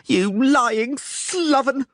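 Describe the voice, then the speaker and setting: A man's voice: very high-pitched, a bit bright, no echo, studio quality, voice pushed up, exaggerated voice. A man doing a shrieking furious woman. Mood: screaming furious. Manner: screaming, drawn-out insults. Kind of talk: audiobook character voice.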